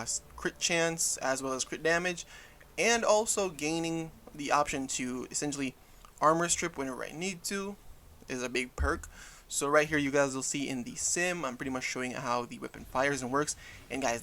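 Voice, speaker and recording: A young man with a mid-range, fairly bright voice chats casually over gameplay footage. He's a gaming YouTuber whose delivery rambles, and he keeps correcting himself as he talks.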